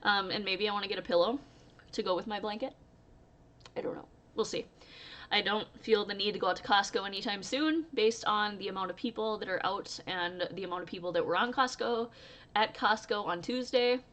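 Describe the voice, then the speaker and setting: A woman's voice: mid-range voice, fairly quick, a bit bright. Casting: young adult woman, chatty vlogger, easygoing storyteller, laughs often. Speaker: crochet vlogger. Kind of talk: casual chat to camera.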